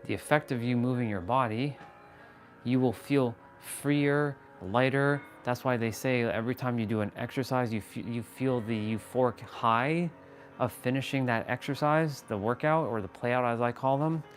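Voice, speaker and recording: A man talking on a motivational livestream at an ordinary middle pitch. He drives points home by repeating them, throws in casual swearing and teasing asides to his viewers. Soft music plays faintly behind him. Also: normal speed. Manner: playful, mock-scolding asides to chat, emphatic repetition. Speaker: motivational live streamer.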